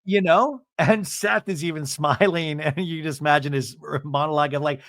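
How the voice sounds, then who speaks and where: Male podcast host, animated and snarky, bright voice, dry mic. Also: fairly high pitch, moderate pace, few pauses, dry recording. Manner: animated, sarcastic, swearing. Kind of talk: comedic recap of a reality show.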